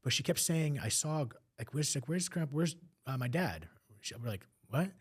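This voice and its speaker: A man's voice: a little high, expressive, breathy edge. A man telling a personal story on a podcast, emotional, slipping into quoted voices. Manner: fast, emotional retelling with acted quotes. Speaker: podcast guest.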